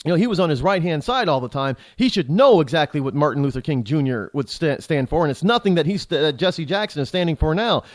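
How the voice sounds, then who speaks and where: High-pitched, animated man ranting. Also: fast, hardly any pauses, no echo. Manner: rambling and indignant, with frequent restarts and repeated words. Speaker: talk show host. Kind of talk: political commentary monologue.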